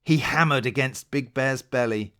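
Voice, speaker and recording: A man reading a bedtime picture book aloud as narrator, in a slow, gentle storytelling way. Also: mid-range voice.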